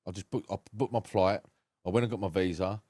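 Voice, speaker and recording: A man with a very low, deep voice tells his own story on a podcast. He speaks frankly and with emotion and swears freely. His voice sounds close and dry, with no room echo. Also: steady tone, brisk, a little mellow. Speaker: podcast guest. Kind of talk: candid personal storytelling.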